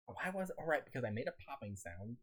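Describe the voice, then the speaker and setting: A man streaming a game, chatting casually to viewers in a rambling way, laughing often and talking on in a raised pitch, his throat a little scratchy. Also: wildly swooping pitch, moderate pace, slightly rough.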